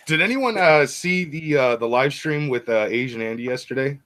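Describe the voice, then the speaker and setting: A man on a casual live-stream group chat, telling stories excitedly, swearing a lot and laughing. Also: mid-range voice, measured pace, no echo.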